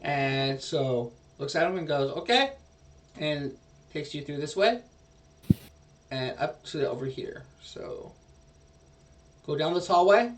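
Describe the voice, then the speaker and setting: A man's voice: on the high side, slow pace, pauses often, far from the mic, slight background noise. A man narrating a tabletop game as dungeon master, rambling and hesitant.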